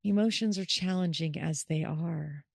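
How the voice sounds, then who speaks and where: A woman's voice: deep voice, measured pace, creaky, no echo, clean studio sound. A middle-aged woman hosting a caregiving podcast, talking earnestly and acting out the thoughts of the people she describes. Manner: earnest, animated, acts out quoted thoughts. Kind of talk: casual solo podcast talk.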